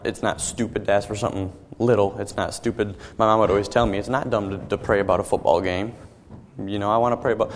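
Earnest young man preaching in a reverberant hall. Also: lowish voice. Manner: halting, earnest, repeats words often. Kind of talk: personal testimony sermon.

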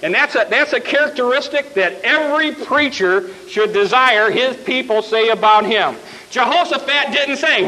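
Male preacher, very high voice, folksy animated storyteller. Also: moderate pace, poor audio. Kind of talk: sermon.

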